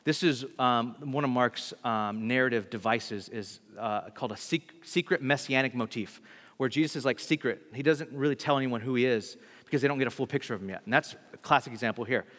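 A man preaching a sermon in a casual, animated way, full of slang and fillers. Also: mid-range voice, fairly quick. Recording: long hall reverb.

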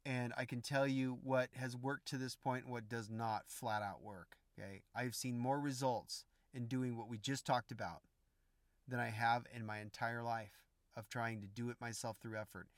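A man's voice: medium pitch, steady tone, normal speed, no room sound, studio quality. A man giving an informal Christian spiritual message to viewers, emphatic and repetitive, speaking straight to his listeners. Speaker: Christian teacher.

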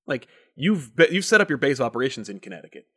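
A man hosting a casual chat, telling animated stories full of swearing and acted-out voices. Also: quick pace, slightly rough. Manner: animated storyteller, swears, acts out voices with big pitch jumps. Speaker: podcast host.

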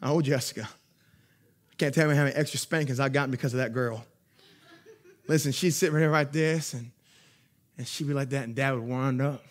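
A young pastor gives a sermon in a mid-range voice, talking fairly quickly and pausing often. His delivery is lively and conversational, swinging from loud emphasis to quiet asides, and he laughs through his stories.

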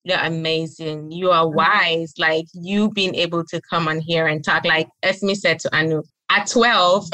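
A woman's voice: lowish voice, steady tone, measured pace, bright, forceful tone, no room sound, low-quality recording. A woman hosting a podcast in a casual, effusive chat, laughing often. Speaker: podcast host.

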